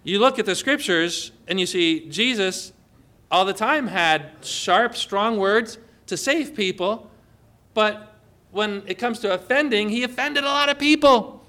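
A man's voice: high voice, a little slow, pushed and bright. A man preaching a sermon to a congregation, emphatic and asking them questions. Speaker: pastor.

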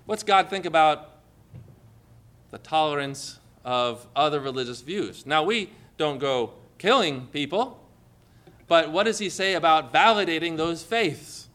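A man's voice: on the high side, normal speed. A middle-aged male pastor preaching a sermon, retelling scripture dramatically and asking the congregation rhetorical questions. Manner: dramatic scripture retelling with sudden loud cries.

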